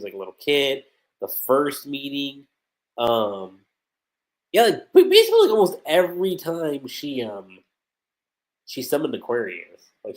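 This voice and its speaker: Excitable man reviewing an anime. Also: mid-range voice. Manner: excitable, acts out the lines. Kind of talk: casual livestream commentary.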